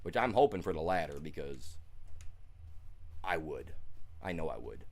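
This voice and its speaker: A man's voice: rumbling low, sing-song, moderate pace. A man streaming a game, telling a heated story in a blunt, colloquial way, full of restarts and fillers. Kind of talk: casual chat while streaming a game.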